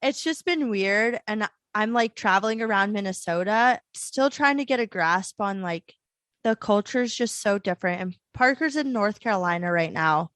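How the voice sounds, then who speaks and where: A woman's voice: mid-range voice, normal speed, a bit bright, no echo. A woman in her twenties from the American South, co-hosting a podcast in a casual chat, swearing and laughing often. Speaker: podcast co-host.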